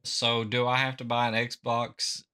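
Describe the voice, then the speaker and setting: An older man co-hosting a podcast, relaxed and wry, chiming in with short remarks. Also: mid-range voice, a little slow, clean tone. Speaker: co-host. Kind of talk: casual podcast banter.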